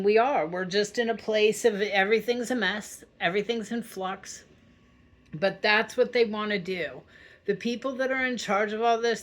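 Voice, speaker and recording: A woman's voice: medium pitch, fairly bright tone. A woman hosting a spiritual channel, talking straight to her viewers in a casual, heartfelt way, reassuring them and often checking in with "okay?". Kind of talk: casual heartfelt talk to camera.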